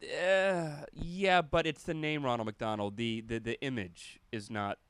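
A man's voice: medium pitch, flat delivery, measured pace, a bit bright, clean tone. A man, a comedian and podcast host, talking casually in a profane, rambling way. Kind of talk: casual chat.

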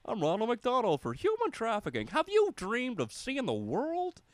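A man's voice: very high-pitched, huge pitch swings, normal speed, no room sound, pitched above the performer's own voice, heavily acted. A man voicing a goofy, crude male clown mascot in an exaggerated sing-song tone. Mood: cheery pitch.

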